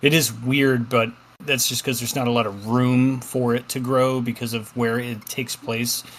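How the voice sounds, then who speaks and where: A man's voice: mid-range voice, flat delivery, a little slow, a bit bright. A man co-hosting a casual gaming podcast, rambling with lots of fillers and the odd swear. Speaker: podcast co-host.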